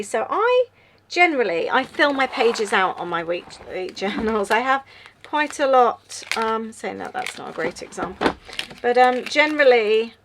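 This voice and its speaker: Female craft host, 30s, tired late-night chatter, faint background noise. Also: on the high side. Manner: chatty, musing aloud, tired and yawning. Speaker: journaling channel host. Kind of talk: casual crafting chat.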